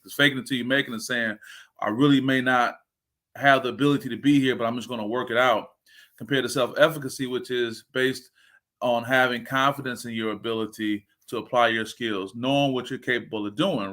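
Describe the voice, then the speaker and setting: A man in his forties, a sports coach giving an energetic, preacher-like motivational talk on a livestream and answering viewer comments as he goes. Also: mid-range voice. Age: 40s.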